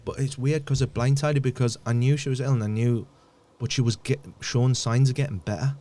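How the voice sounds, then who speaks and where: A man, a podcast guest, telling a painful personal story in a halting way, often repeating words and dropping almost to a murmur. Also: mid-range voice, steady tone, dark tone.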